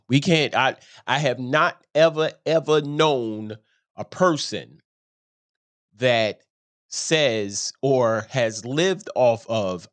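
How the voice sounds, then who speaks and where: Man, casual rambling storyteller, slow pace, laughs at himself, dry close recording. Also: medium pitch, no echo. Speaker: show host.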